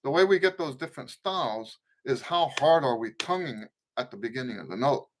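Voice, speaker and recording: A man's voice: medium pitch, expressive, brisk, a little hiss or hum. A middle-aged man teaching trumpet in a live question-and-answer stream, talking loosely through his points and singing out tonguing syllables. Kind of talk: casual spoken lesson with playing demonstrations.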